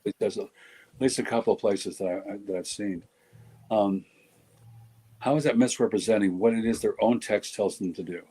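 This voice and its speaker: A man's voice: on the low side, normal speed, long pauses, dark tone, slightly rough, rough recording. A middle-aged man talking on a podcast in a blunt, joking way, often breaking off and restarting his sentences. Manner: blunt, joking, self-interrupting. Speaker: podcast guest speaker. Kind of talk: casual podcast discussion.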